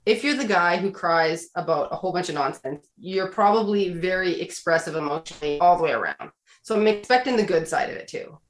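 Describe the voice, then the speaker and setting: A woman guest on a podcast, explaining her views in an animated, opinionated way in casual chat. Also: lowish voice, brisk, echoey room.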